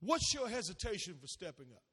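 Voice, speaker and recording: Animated preacher in a ringing hall. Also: male voice, high voice, a little fast, breathy edge. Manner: animated preaching with laughs and call-outs to the congregation. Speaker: pastor. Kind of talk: sermon.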